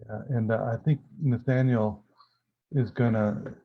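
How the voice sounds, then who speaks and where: A man talks haltingly, restarting his sentences as he works. His voice is thin and phone-like, coming through a narrow-band video call connection. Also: medium pitch, fairly even intonation. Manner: hesitant, halting. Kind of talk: casual chat.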